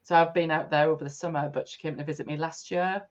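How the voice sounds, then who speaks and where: Low-voiced woman, podcast guest. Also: fairly even intonation, fast, highs cut off. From North East England. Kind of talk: podcast interview.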